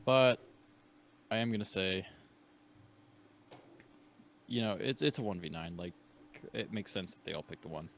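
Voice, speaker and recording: A young man co-hosts a casual sports chat in a somewhat low voice, relaxed and stumbling over his words. A faint hiss of noise sits behind him. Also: a little slow, gravelly, long pauses. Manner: laid-back, hesitant, restarts often. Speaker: co-host.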